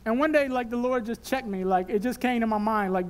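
A young man preaching a sermon at a church service, animated and emotional, later praying softly. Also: very high-pitched, brisk, few pauses, clean tone. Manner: animated, emotional preaching that drops to a soft prayer. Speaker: pastor.

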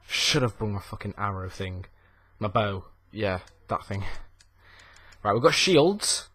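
This young man's voice sits on the low side, a bit bright, at a measured pace. A gaming YouTuber, he mutters and curses nonstop in frustration during casual let's play commentary on his gameplay. Slight background noise is audible.

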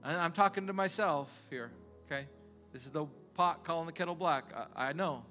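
A man's voice: fairly high pitch, moderate pace, bright, forceful tone, soft background music. A male pastor preaching a sermon in a conversational way, asking the congregation rhetorical questions again and again.

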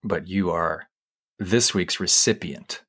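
A middle-aged man with a fairly low voice hosts a podcast, chatting casually and slipping into anecdotes and jokes. His talk is loose and conversational. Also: slow, fairly bright tone, husky. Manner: chatty, storytelling, joking. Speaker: podcast host. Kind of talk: casual chat.

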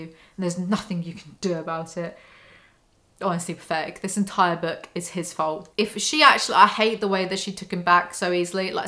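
A woman breaking down a novel for her channel, her voice bright and forceful. She reads passages aloud in a dry, even tone, then cuts in with sarcastic, mocking remarks. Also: mid-range voice. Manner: sarcastic, mocking asides between dry readings. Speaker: book commentary YouTuber.

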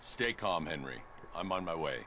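A man voicing a grim masked male vigilante who gives short, calm commands in a video game. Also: deep voice, normal speed, noisy background. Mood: terse commanding. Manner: terse, commanding.

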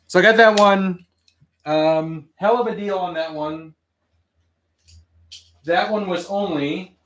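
Chatty male toy collector host. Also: on the high side. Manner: chatty storytelling, animated quoted reactions. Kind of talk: casual live-stream chat.

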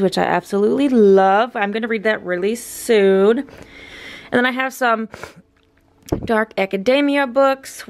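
A young woman in her twenties, chatting casually for her vlog in an upbeat way with lots of fillers. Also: medium pitch. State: out of breath. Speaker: vlogger. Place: in her car, then at home by a bookshelf.

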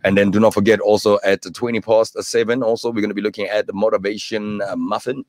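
A man's voice: fairly low pitch, little pitch movement, fast, a crowd in the background. A man co-hosting a breakfast show, teasing and jumping between topics in casual banter.

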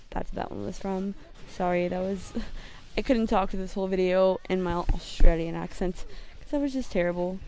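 A woman's voice: medium pitch, a little mellow. A young woman from the United States, using a put-on London accent in rambling, self-deprecating gameplay commentary from her bedroom. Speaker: gamer.

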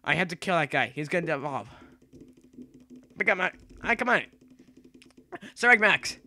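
A young man commentating his own gameplay, excitable and rambling, yelling and repeating himself as he plays. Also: fairly high pitch, normal speed, pauses often, background noise. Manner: excitable, yells and shrieks when playing. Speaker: gaming YouTuber.

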